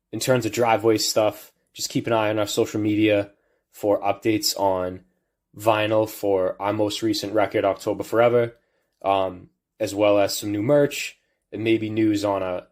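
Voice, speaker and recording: A man with a strong Boston accent, a musician recording a casual shout-out message for a podcast. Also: fairly low pitch.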